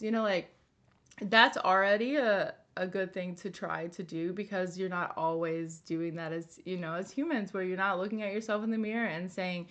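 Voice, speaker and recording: A woman's voice: fairly low pitch, steady tone, moderate pace, a bit bright. A young woman talking casually and earnestly in a personal wellness vlog, with lots of fillers and restarts. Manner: chatty and earnest, many likes and restarts. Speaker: wellness vlogger.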